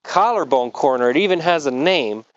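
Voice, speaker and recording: A man's voice: a little high, lively intonation, moderate pace, no echo, muffled recording. A man working as a motorcycle tour guide, telling the story of a crash in earnest vlog narration outdoors on a mountain road. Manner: earnest storytelling, explains carefully.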